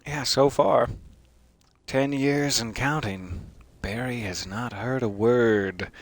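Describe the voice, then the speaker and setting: A let's play host delivers casual, wry gameplay commentary, joking at his own expense, his pitch leaping suddenly for the jokes. The recording is slow and dry.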